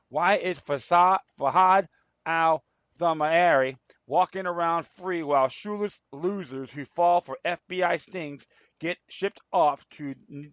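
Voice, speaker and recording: A man's voice: on the high side, dry recording, dull audio. A man hosting his own political commentary show, reading articles aloud and rambling, stumbling and repeating himself. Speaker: show host.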